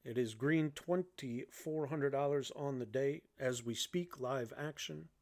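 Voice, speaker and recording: A man's voice: mid-range voice, measured pace. A man from Illinois hosting a trading livestream, giving loose, joking live commentary. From Illinois, United States.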